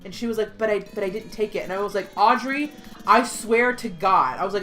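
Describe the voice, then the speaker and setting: A woman telling a story in casual chat, animated, swearing freely and acting out what people said. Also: medium pitch, fairly quick, soft background music. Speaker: podcast host.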